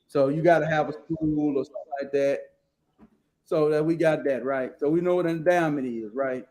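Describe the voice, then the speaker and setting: A man's voice: a little high, brisk, darkish tone. A male host giving casual live commentary while browsing, blunt and profane, rambling as he reads figures and definitions aloud from the screen.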